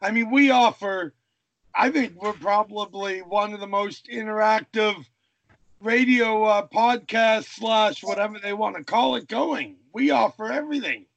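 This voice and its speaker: A man's voice: sits high, measured pace, creaky, fairly bright tone, no echo. A man co-hosting a casual live podcast, easygoing and agreeable. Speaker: podcast co-host.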